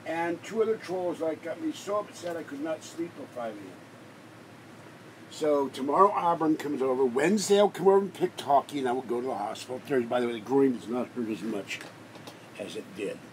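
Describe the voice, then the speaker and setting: A man's voice: mid-range voice, fairly quick, slight background noise, low-quality recording. A man hosting a casual livestream from home, rambling and complaining as he talks over his guest. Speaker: livestream host. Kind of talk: casual live-stream chat.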